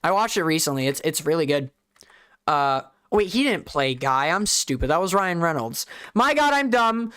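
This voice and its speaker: A streamer with a light Southern US lilt chats loosely through live commentary, rambling and poking fun at themselves. The voice is smooth and resonant. The sound is close and dry. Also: mid-range voice, normal speed, a bit bright, no echo. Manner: chatty, rambling, self-deprecating.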